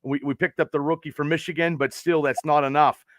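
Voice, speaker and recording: A man's voice: on the high side, level tone, fairly quick, dry recording, clean studio sound. A man as a podcast guest, talking in easygoing, upbeat casual chat.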